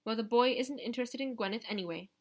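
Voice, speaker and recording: A woman's voice: a little high, fast. A woman voicing a snobbish, spiteful middle-aged aunt who talks down to others. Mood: haughty. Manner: haughty, scolding.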